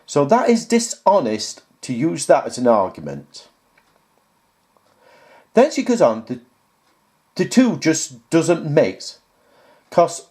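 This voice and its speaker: Slow, lively-pitched exasperated man. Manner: reads comments aloud, then rebuts them point by point; sarcastic, exasperated. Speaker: YouTuber answering viewer comments. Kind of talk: casual talk to camera.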